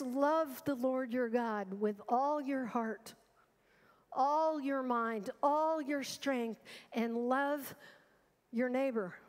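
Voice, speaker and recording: A woman pastor preaching a sermon with earnest urgency, asking the congregation rhetorical questions. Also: high-pitched. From United States. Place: large church sanctuary. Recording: long reverb of a church hall.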